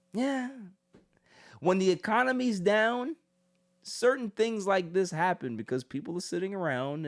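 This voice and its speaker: A male podcast host rants in casual commentary, loud and mocking, and slips into quick impressions. His voice sits fairly high for a man and swings widely in pitch as he talks.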